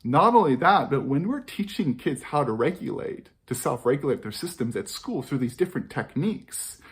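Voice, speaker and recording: At a moderate pace and medium pitch, an animated parenting educator talks thoughtfully into the camera. He sounds sincere and leans on repetition of key phrases to make his points.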